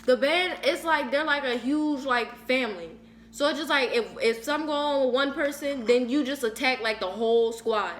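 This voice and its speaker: A woman's voice: sits high, normal speed, roomy sound. A young woman chatting casually and slangily, jumping in to add to a story. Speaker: storyteller co-host.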